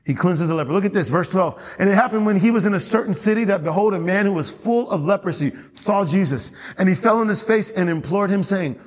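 A man's voice: high voice, quick pace, few pauses. Preaching man in a reverberant hall. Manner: call-and-response preaching, asks congregation questions. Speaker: pastor. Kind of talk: sermon. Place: church hall.

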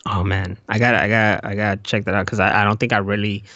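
A young man co-hosting a casual podcast chat, excitable and swearing, with frequent restarts. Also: fast talker, no echo, highs cut off. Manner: excitable, swearing, jumps into high put-on voices when quoting. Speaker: podcast co-host.

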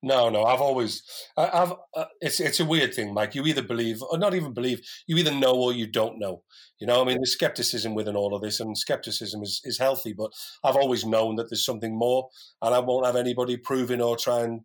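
A man's voice: medium pitch, a little fast. Earnest man telling his story. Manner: earnest, talks in restarts and asides. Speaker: guest. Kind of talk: casual podcast interview.

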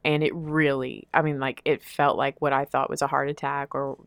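A woman telling a long personal story in casual chat, expressive and laughing often. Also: rumbling low, moderate pace, gravelly, smooth, no room sound, clean studio sound. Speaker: podcast guest telling a story.

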